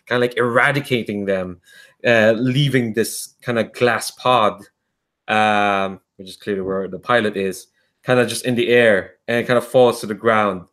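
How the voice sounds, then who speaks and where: A man's voice: medium pitch, a bit bright. Rambling male game master. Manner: rambling, full of "kinda" and "like". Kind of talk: narrating a tabletop game.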